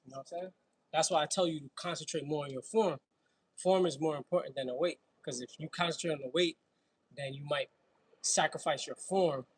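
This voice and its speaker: Man, Brooklyn, New York accent, husky voice, chatty and slangy, workout livestream host. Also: on the high side, fairly quick, poor audio. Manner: slangy, laughing, chatty between sets. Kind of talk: casual livestream chat while working out.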